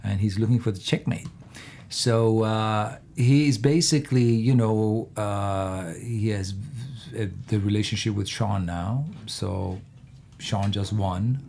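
A man talking as an actor guest in a casual interview, halting with many fillers and restarts. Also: lowish voice, creaky, a little mellow, a little hiss or hum. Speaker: actor guest on a fan podcast.

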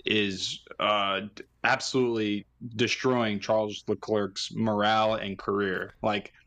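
A man's voice: lowish voice, flat delivery, a little slow, a bit bright. A man co-hosting a casual motorsport podcast, joking and self-mocking. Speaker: podcast co-host. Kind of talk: casual chat.

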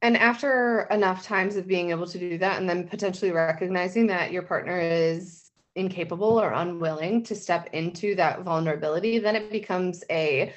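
Woman co-host, casual chat; passionate, blunt, profane, spikes loud and high when riled. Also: moderate pace. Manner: heated and swearing, rising in pitch and volume when worked up. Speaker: podcast co-host.

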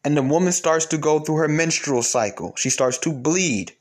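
A man giving a preachy monologue to his viewers, emphatic, swinging between loud and low. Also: animated, moderate pace.

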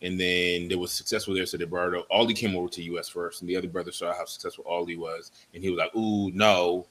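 A man in his forties co-hosting a casual podcast chat, relaxed and joking with slangy asides. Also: deep voice, fast talker, background noise. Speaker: podcast co-host.

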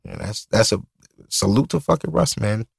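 Gravelly Brooklyn man, loose podcast talk. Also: on the low side, expressive, moderate pace, noisy background. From Brooklyn, New York. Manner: loose and profane, rambling storytelling. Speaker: podcast host. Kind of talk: casual solo podcast talk. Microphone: studio mic.

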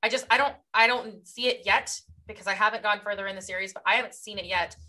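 A woman co-hosting a casual book podcast, giving expressive, opinionated reactions. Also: mid-range voice, quick pace. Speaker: podcast co-host.

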